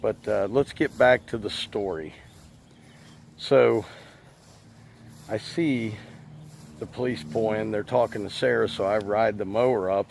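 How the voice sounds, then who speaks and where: Lawn care guy vlogging outside, gravelly voice, chatty, keeps saying guys. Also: fairly low pitch, unhurried, long pauses, slight background noise. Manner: chatty, addresses viewers as guys. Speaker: lawn care business owner and channel host. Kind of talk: casual storytelling to camera.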